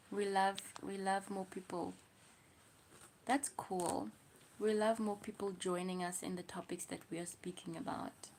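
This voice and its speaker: Slow, half-whispering South African woman. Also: mid-range voice. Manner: slow, musing, often drops to a whisper. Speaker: livestream host. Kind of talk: casual livestream chat reading comments.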